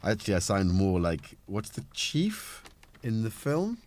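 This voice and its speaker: A man's voice: lowish voice, huge pitch swings, a little slow, a little mellow, slight background noise. A middle-aged man with a cold, chatting casually on a live stream as he fiddles with his gear, rambling and poking fun at himself. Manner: rambling, self-mocking, talks while tinkering. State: has a cold. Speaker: livestream host.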